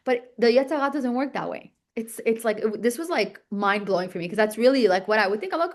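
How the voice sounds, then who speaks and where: Chatty woman teacher, slightly high voice. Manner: lively, chatty, checks in with "okay?" and "right?"; talks fast and restarts, acts out inner voices. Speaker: teacher of a religious text class. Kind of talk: classroom lesson.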